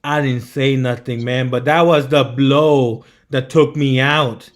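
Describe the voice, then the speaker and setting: A young man, the guest on a live stream, telling animated stories in casual chat, often saying bro and man. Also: mid-range voice, takes it slowly. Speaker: guest entrepreneur.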